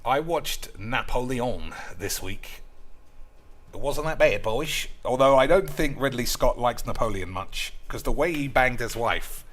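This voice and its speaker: Guy streaming a card game, bright tone, crude and sweary, rambles on at his viewers. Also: mid-range voice. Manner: crude, rambling and profane, addressing viewers as boys. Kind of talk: casual gameplay commentary.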